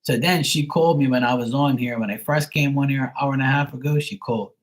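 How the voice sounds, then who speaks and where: A man in the middle of his pitch range talks loosely on a live stream, rambling from one thought to the next. He fills his talk with "you know" and "like" and tells stories with animation. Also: fast talker, poor audio. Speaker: tarot reader and live-stream host. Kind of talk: casual live-stream chat.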